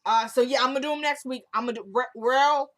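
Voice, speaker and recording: A woman's voice: high voice, quick pace, a bit bright. Chatty woman retelling a TV episode. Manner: retells scenes line by line with "she goes"; chatty, informal slang. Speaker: TV show recap vlogger. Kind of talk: casual episode recap.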